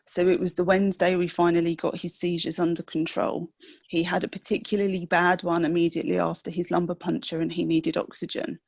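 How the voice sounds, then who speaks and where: A young woman speaks as a podcast guest in a low, gravelly voice, recorded close and dry. She tells her personal story haltingly and with emotion, often restarting her sentences. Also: little pitch movement, darkish tone, dry recording. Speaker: podcast guest, mother of a sick child.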